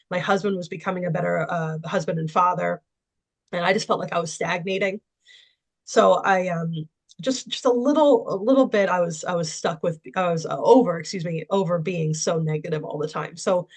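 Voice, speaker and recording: A woman guest telling her personal story in conversation, candid and anecdotal, with frequent fillers. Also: lowish voice. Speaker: interview guest.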